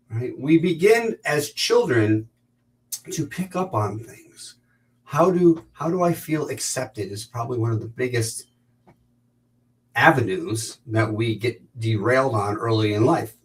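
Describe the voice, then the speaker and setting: A man gives a gentle, reflective sermon in a conversational way, pausing on ums and restarting phrases. His voice is mid-pitched. He sounds set a little back from the microphone. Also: distant mic, low-quality recording. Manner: reflective, conversational with frequent fillers. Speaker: minister.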